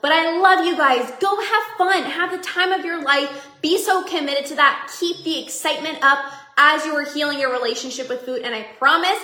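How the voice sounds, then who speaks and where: A woman coach and podcast host giving an energetic, upbeat motivational talk to her members, often laughing. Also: high voice, normal speed, reverberant.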